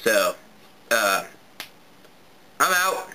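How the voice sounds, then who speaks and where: A man's voice: lowish voice, very animated, drawn-out words, sharp tone, a little hiss or hum, rough recording. A young man ranting irritably into his camera, blunt and repeating himself. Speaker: vlogger. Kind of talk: angry webcam rant.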